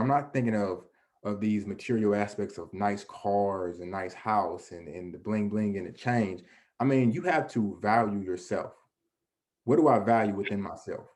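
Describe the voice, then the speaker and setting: An earnest man delivers a motivational presentation in a fairly low voice. He talks conversationally, restarting sentences and leaning on "you know", and often poses questions that he answers himself. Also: darkish tone. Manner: asks and answers his own questions. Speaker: guest presenter.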